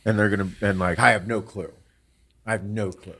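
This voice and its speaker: Fields: Sex: male. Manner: profane, laughing. Pitch: low. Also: fairly even intonation, a little fast, a bit bright. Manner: profane, laughs through his stories. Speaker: podcast host. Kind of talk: casual storytelling.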